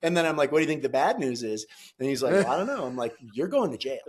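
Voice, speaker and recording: A middle-aged man telling a story in a casual, animated way, swearing and acting out the quotes loudly. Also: medium pitch, fast. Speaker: podcast guest, gym founder.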